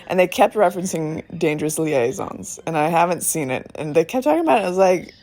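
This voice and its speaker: A woman in her thirties reviewing a film in a phone voice memo, talking in an excited, rambling way and swearing often. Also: fairly low pitch, fast. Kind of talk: casual voice memo rant.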